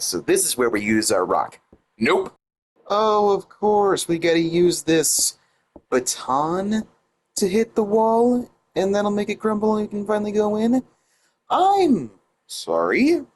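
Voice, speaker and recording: A man doing gameplay commentary, sarcastic and mocking the game and its heroine, reading the game's text aloud in a quieter voice. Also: on the high side, slight background noise. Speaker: let's play commentator.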